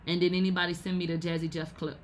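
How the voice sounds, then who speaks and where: A woman's voice: lowish voice, little pitch movement, quick pace, a little hiss or hum. A woman hosting a casual livestream podcast, talking brashly and profanely in slangy commentary with laughing asides. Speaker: podcast host.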